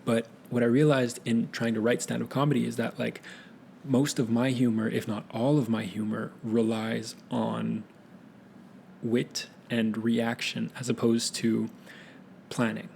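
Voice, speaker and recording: A young man talking through a casual solo podcast, looping back and restarting his sentences as he thinks. His mid-pitched voice has a gravelly fry to it, with a faint hum of noise behind him. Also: flat delivery, measured pace, darkish tone. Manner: rambling, self-correcting, laid-back. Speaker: podcast host.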